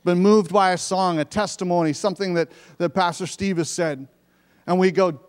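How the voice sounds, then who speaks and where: A man's voice: high voice, steady tone, normal speed, clear, resonant tone. A man preaching a sermon in a church sanctuary, reading verses and explaining them in a conversational way. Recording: long reverb of a church hall.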